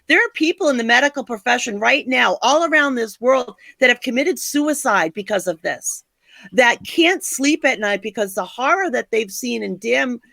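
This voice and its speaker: A woman's voice: fairly high pitch, expressive, normal speed, vocal fry, a bit bright, dry recording. An older American woman co-hosting a podcast, talking in a blunt, angry, emphatic way. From United States. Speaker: podcast co-host. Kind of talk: passionate opinion chat.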